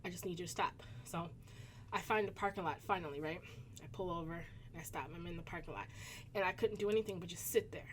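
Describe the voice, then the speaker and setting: Southern lady in her 30s spilling a story to the camera, chatty, jumps up high when she does other people's voices. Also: fast, slight background noise. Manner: animated, acts out quoted voices with pitch jumps. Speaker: vlogger. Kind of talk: casual storytelling.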